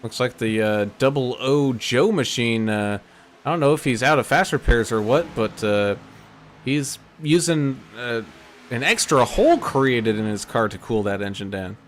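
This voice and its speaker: A man's voice: medium pitch, normal speed, slight background noise. Folksy man calling a sim race. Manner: relaxed, folksy, frequent fillers. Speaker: race commentator. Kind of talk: play-by-play sim racing commentary.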